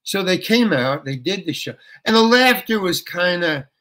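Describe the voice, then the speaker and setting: An older man telling a story as an interview guest, animated and colloquial, often saying "man" and "you know". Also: high-pitched, moderate pace, slight background noise.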